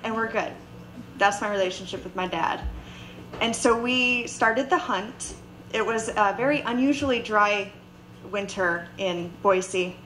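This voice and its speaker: A young woman telling a personal story live on stage, animated and acting out the quoted voices. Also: mid-range voice, a little slow, faint music behind, low-quality recording. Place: bar stage before a live audience.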